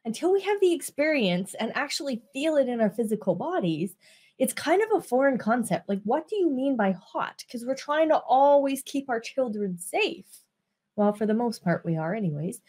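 A woman business coach speaks casually to the camera in a slightly high, darkish voice with big swings in pitch. She takes her time, stretching out her words and asking listeners whether they follow.

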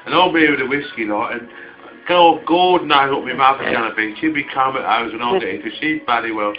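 A man's voice: mid-range voice, brisk. A man rambling and swearing in a casual late-night chat at home while drinking. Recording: dull home video, 80s radio playing.

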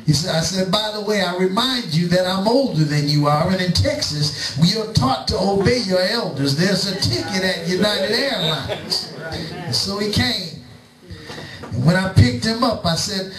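A middle-aged man preaching in a church, telling a story slowly and acting out both sides of a conversation. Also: sits high, lively intonation, a bit bright, recorded from a distance. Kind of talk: sermon storytelling. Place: church sanctuary. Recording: echoey church, preacher away from the mic.

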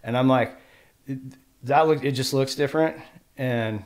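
A middle-aged man from Washington State tells a long story as a podcast guest. His voice sits in a middle pitch but leaps high and loud whenever he acts out what someone said, then drops back to an easy, casual telling. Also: normal speed. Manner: animated storyteller who acts out quotes with jumps in pitch and loudness. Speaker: podcast guest, pro snowboarder.

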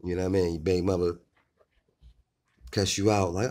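A man with a somewhat low voice talks casually to his viewers about his dogs. He is laid-back and joking, and he keeps checking in with them as he goes. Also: flat delivery, fairly quick, pauses often, darkish tone. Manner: laid-back, joking, repeats "you know what I mean". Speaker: dog owner and vlogger. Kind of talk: casual vlog chat.

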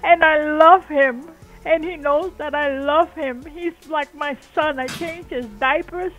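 Older woman caller: high-pitched, tearful, emotional; faint music behind. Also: steady tone, measured pace, phone-quality sound. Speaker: caller, guest's aunt. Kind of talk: phone call to a talk show.

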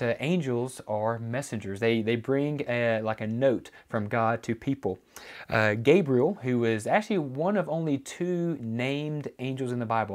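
A man's voice: mid-range voice, a little mellow. A man preaching a teaching sermon, explaining scripture in a loose way with frequent fillers and restarts. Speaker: pastor.

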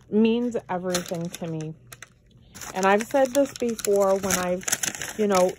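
Woman, unboxing vlog, effusive, teary, slow-spoken. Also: lowish voice, a little mellow, slight background noise. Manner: gushing and effusive, easily moved to tears. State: tearful. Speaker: vlogger opening fan mail. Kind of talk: casual unboxing chat.

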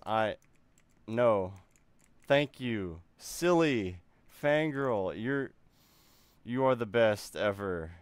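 A man streaming live, reacting in excited disbelief with lots of repeated exclamations. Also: fairly low pitch, very slow, long pauses, clean tone, no room sound. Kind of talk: casual live-stream chat.

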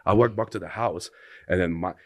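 Low-voiced young guy on a podcast, rambling and cursing, restarts a lot, dry sound. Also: fairly quick, no room sound. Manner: rambling, restarts sentences, swears freely. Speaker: podcast guest. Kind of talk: casual storytelling in conversation.

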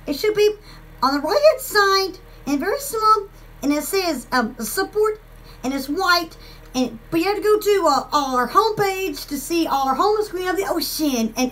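A woman with a Southern US accent hosting a casual live stream for her online shop, giggly and excitable, rambling with lots of fillers. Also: very high-pitched. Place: home in the woods.

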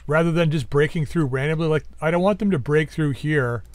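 A man's voice: on the high side, a little fast, no echo. Man thinking aloud over gameplay. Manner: thinking aloud, musing and planning. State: voice going hoarse. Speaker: gameplay commentator. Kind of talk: casual gameplay commentary.

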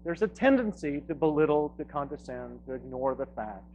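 Man, lecture to an audience, dry jokes, slightly high-pitched voice, punchy emphasis. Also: animated, fairly quick, darkish tone, dull audio, a little hiss or hum. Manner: dry wry humor, laughs at own jokes. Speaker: philosophy professor giving a talk.

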